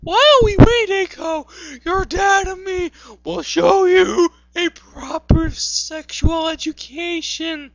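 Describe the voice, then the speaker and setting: A man putting on a shrill, eager female superhero mother in a wavering falsetto, recorded in dull lo-fi. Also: slow, gravelly, dry recording, exaggerated voice.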